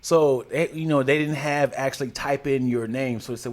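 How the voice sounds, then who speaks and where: A man co-hosting a podcast, telling stories in a relaxed way, often repeating and restarting his phrases. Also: mid-range voice, moderate pace. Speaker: podcast co-host. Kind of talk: casual chat.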